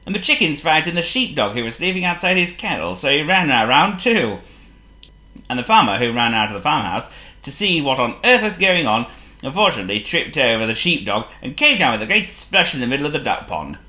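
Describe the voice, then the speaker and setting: A man reading a children's story aloud in an expressive, playful way. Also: medium pitch, fairly quick, roomy sound. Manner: expressive and playful, laughs as he reads.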